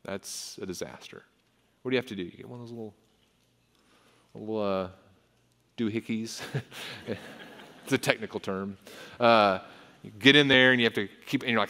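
A pastor preaching a sermon in earnest, with frequent repetitions and restarts, and his pitch and force rise when he reads scripture. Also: moderate pace, pauses often, sharp tone. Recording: long hall reverb.

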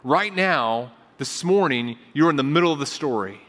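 A man's voice: a little high, lively intonation, normal speed, fairly bright tone. Man preaching, conversational, in reverberant hall. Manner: conversational storytelling preaching, repeats phrases for emphasis. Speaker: pastor. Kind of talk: sermon.

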